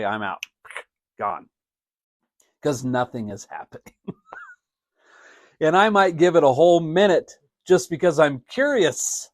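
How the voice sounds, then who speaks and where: A man's voice: on the high side, no room sound. Chatty male podcast host, dry sound. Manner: chatty, laughs often, acts out mock announcements. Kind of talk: casual live-stream talk.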